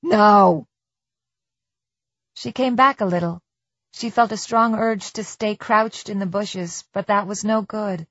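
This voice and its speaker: A woman narrating an audiobook in a measured, tense storytelling manner. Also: medium pitch, fairly bright tone, dry recording. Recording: slightly dull dry studio recording.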